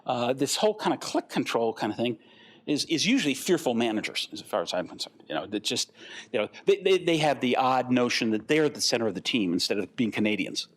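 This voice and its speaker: An older man giving a conference talk, animated and rambling, acting out the voices of the people in his stories. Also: mid-range voice, brisk. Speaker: guest speaker.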